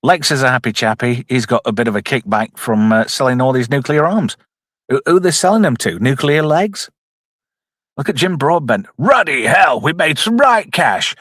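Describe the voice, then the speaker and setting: A man's voice: mid-range voice, normal speed, no room sound, clean studio sound. A man giving jokey, casual live commentary on a film and reading out chat messages. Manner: jokey, reads out chat, puts on silly voices. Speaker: streamer reviewing a film.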